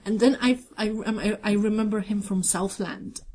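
A woman's voice: mid-range voice, steady tone, normal speed, a little mellow, slight background noise. A woman co-hosting a podcast, chatting casually and enthusiastically about a TV episode, rambling with many fillers. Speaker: podcast co-host. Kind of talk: casual TV recap chat.

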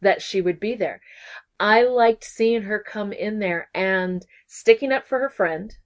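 A woman's voice: medium pitch, a little slow. Bubbly woman gushing on a podcast. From Texas. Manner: bubbly and gushing, with giggly asides. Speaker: podcast co-host. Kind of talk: casual chat recapping a TV episode.

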